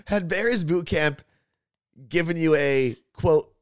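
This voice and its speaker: A man's voice: on the high side, animated, takes it slowly. A man co-hosting a podcast in casual chat, teasing and coaxing his co-host. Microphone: podcast microphone.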